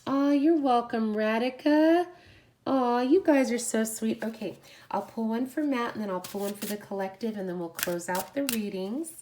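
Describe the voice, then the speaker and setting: A woman hosting a live oracle card reading. She is effusive, exclaims and giggles often, and slows down to read the card affirmations aloud. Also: a little high, dark tone.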